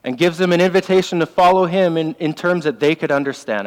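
A man preaches a sermon in an earnest, emphatic way, circling back to repeat his key lines. His voice sits a little high for a man. It carries a long reverb from a large church hall. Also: fast talker, few pauses, clear, resonant tone. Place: church sanctuary.

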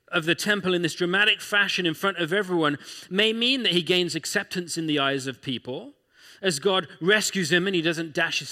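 A man's voice: sits high, bright, forceful tone, big-room sound. A man preaching a sermon as pastor, talking through scripture in a conversational way with rhetorical questions.

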